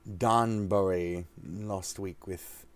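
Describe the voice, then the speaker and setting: A man's voice: deep voice, fairly even intonation, very slow. Drowsy, rambling, profane young man. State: sleepy, yawning. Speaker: streamer. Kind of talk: casual rambling sign-off.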